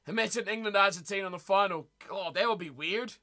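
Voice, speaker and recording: A man hosting a live stream in an easy, chatty way. He talks to his viewers as if they were in the room, repeating words as he reacts. His voice sits high and has a sharp, bright edge. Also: fast. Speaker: streamer reading live chat. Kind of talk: casual live-stream chat.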